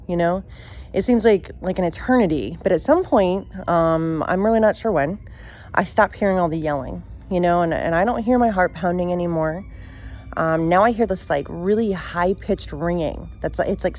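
Halting, emotional woman telling her story. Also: lowish voice, darkish tone. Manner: halting, filler-heavy, emotional retelling. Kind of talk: personal storytelling.

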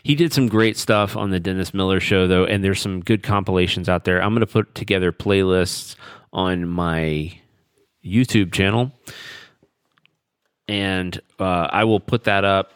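A man hosting a podcast, telling stories in a rambling, relaxed way. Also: low-pitched, a little slow, clean tone, dry recording, studio quality. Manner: rambling, relaxed storytelling with fillers. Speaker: podcast host. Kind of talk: casual chat.

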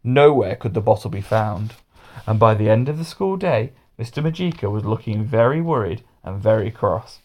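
A man reading a children's storybook aloud with expressive delivery. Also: on the low side, normal speed.

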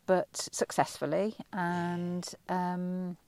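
A woman's voice: fairly low pitch, little pitch movement, extremely slow, darkish tone, no echo. A middle-aged woman from England, a vocal coach, answering interview questions in a thoughtful, explanatory way with frequent ums and self-corrections.

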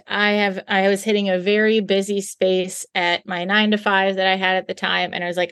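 A woman business owner chats as a podcast guest, quick and self-deprecating and ready to laugh at herself. Her pitch is middling and her voice is recorded close, dry and clean. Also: level tone, a bit bright, smooth, dry recording. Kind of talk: casual conversational chat.

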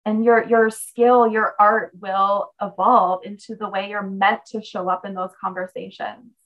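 A woman's voice: medium pitch, little pitch movement, measured pace, highs cut off. A young adult woman coaching someone in a conversation, talking in an emphatic, direct and encouraging way.

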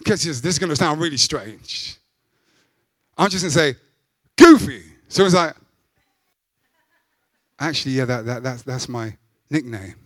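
A man preaching a sermon as pastor, emphatic, with loud rising peaks. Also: mid-range voice, normal speed, pauses often, dry recording.

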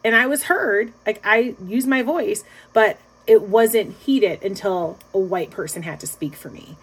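A woman hosting a podcast conversation, telling a personal story in an animated way, acting out what people said and laughing. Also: medium pitch, a little slow, breathy edge, poor audio. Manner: animated storyteller who acts out quotes and laughs. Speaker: podcast host, youth minister. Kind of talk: casual conversation.

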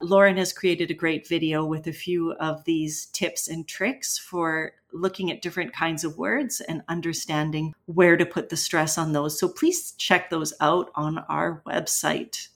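A woman co-hosting an English-learning podcast, explaining pronunciation and vocabulary clearly and patiently. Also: deep voice, fairly even intonation, unhurried, few pauses. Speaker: English teacher co-host. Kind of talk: educational podcast chat.

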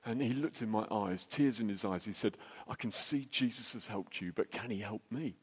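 A middle-aged man telling a jokey, anecdotal story as a church speaker, with quick restarts. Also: on the low side, husky. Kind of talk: storytelling sermon. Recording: long hall reverb.

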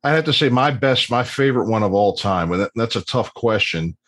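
A man's voice: fairly low pitch, animated, brisk, fairly bright tone, dry recording. A man in his fifties telling long, rambling stories in casual chat, with plenty of ums and restarts. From Baltimore area, USA. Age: 50s.

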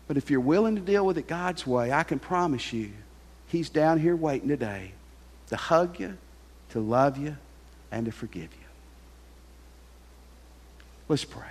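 A pastor preaching a sermon, telling a story and sinking to a soft hush on key lines. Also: male voice, on the high side, expressive, a little slow, pauses often. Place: large church hall. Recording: long hall reverb with faint music.

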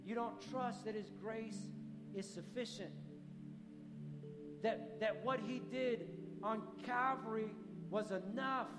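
A man's voice: high voice, slow pace, long pauses. A pastor delivering an impassioned sermon, driving his points home with repeated declarations. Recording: long hall reverb, faint music.

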